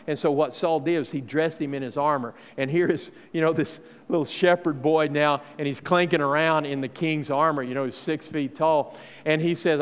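A man's voice: a little high, moderate pace, clear, resonant tone. A man preaching a sermon, telling the story in a folksy way and acting out the characters. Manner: folksy, acts out quoted voices, many fillers. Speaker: pastor. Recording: long hall reverb.

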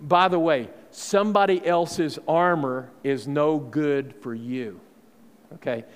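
A man's voice: fairly high pitch, slow. A man preaching a sermon, telling the story in a folksy way and acting out the characters. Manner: folksy, acts out quoted voices, many fillers. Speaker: pastor. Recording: long hall reverb.

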